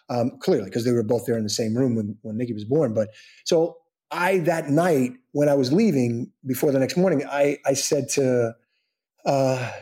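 Middle-aged guy rambling thru a story, lots of ums and restarts, acts out the voices. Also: mid-range voice. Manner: animated, rambling anecdote with many fillers and restarts. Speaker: guest. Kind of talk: storytelling in a casual interview.

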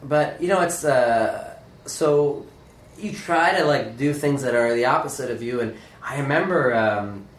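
Man, mid-pitch, rambling shy storyteller full of ums, recorded in a reverberant room with light hum. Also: unhurried. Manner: hesitant, self-deprecating, many fillers. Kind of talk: casual anecdote. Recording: echoey room, faint background hum.

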